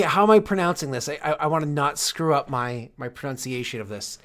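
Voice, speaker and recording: A man's voice: on the high side, fairly quick, hardly any pauses, a bit bright. Rambling, swearing male streamer. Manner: rambling, joking, swears and mutters asides. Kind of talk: casual livestream chat.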